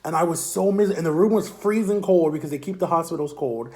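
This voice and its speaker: A young man with a slightly high voice tells a long personal story straight to camera. He rambles, repeats phrases and acts out what others said with lively, casual energy. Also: a little fast. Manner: rambling, repetitive, animated retelling. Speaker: vlogger.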